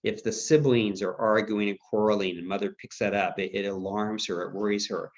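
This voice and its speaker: A man's voice: lowish voice, steady tone, a little fast. A middle-aged man giving a dementia care training webinar in a conversational, anecdotal way, often acting out quoted dialogue. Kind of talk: webinar presentation. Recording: slightly dull webinar audio.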